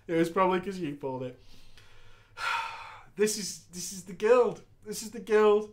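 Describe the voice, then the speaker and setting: A man's voice: high voice, normal speed. A man hosting a show, reading a viewer's gaming story aloud with crude, laughing comedic commentary. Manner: animated, profane, laughs often.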